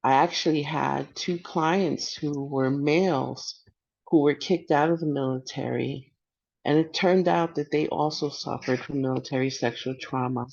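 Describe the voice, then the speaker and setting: Middle-aged woman, veteran panelist; halting testimony, lots of restarts, dull lo-fi sound. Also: sits low, fairly even intonation, vocal fry, a little mellow. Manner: halting, hesitant, with many restarts. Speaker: veteran panelist and peer support worker. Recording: muffled lo-fi audio.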